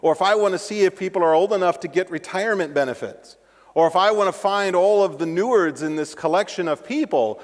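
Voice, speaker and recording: Animated man in an echoing hall. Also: high voice, normal speed. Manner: animated and joking, with asides to the audience. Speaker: conference speaker. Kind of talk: live-coding tech talk. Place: large conference hall. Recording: long reverb of a large hall.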